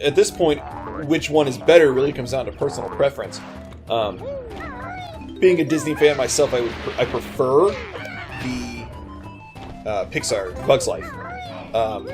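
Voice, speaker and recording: A man co-hosting a video game let's play, rambling and joking casually and swearing freely. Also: medium pitch. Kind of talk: casual gameplay commentary. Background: game music.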